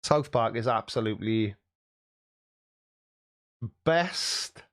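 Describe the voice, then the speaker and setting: A man's voice: mid-range voice, a little slow, no echo, studio quality. Cheeky man chatting on stream. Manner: jokey, cheeky, laughs often. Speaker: live stream host. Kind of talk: casual chat reading out viewer comments.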